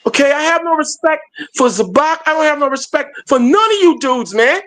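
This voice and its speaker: A man's voice: very high-pitched, expressive, a little fast, a bit bright. A man hosting a heated live stream show, fired up and calling people out by name.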